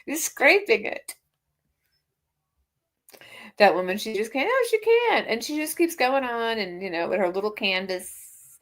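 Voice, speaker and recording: A woman's voice: a little high, sing-song, a little slow, pauses often. A woman hosting a casual livestream, chatting and teasing with frequent laughs while greeting viewers. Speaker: livestream host.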